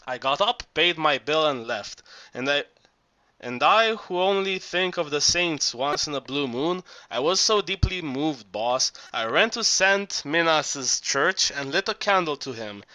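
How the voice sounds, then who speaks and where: A man's voice: a little high, expressive, measured pace, pushed and bright, dry recording. A man reading an audiobook aloud, often stumbling and restarting words. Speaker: audiobook reader. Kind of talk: amateur audiobook narration.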